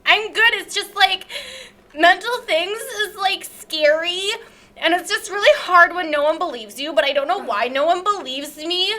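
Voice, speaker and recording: Girl putting on a whiny sorry-for-herself internet gal, high voice, bright, kinda southern drawl, all "like, you guys". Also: normal speed. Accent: put-on Southern drawl. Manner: whiny, defensive, filler-heavy "like, you guys". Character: whiny, self-pitying young woman online personality. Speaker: podcast guest character. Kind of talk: comedic parody impression.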